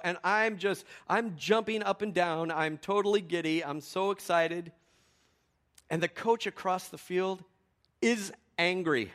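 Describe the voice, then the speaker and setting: Animated high-voiced male pastor. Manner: animated storyteller, swinging from excited shouting to quiet intensity. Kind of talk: sermon with storytelling.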